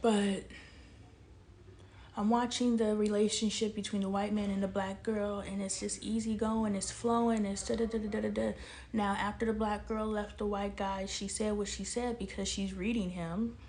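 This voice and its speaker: A woman talking straight to her viewers in a casual livestream monologue. She is animated and preachy, answers the chat and laughs often. She is close to a phone or webcam mic. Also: mid-range voice, normal speed, a little hiss or hum. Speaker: livestream host and self-help author.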